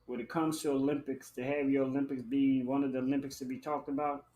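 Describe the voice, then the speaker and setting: A man hosting a live-stream talk show, chatting in a sassy, flamboyant way, calling listeners honey and child and breaking into high whoops. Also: little pitch movement, quick pace, warm tone, a little hiss or hum. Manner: bursts into high whooping exclamations. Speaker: livestream show host. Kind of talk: casual live-stream chat.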